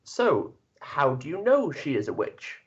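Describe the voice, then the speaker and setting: A pompous knight in a helmet questions the crowd in a lifted, measured voice, as a man puts him on. The recording sounds dull and lo-fi. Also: on the high side, sing-song, pitched above the performer's own voice.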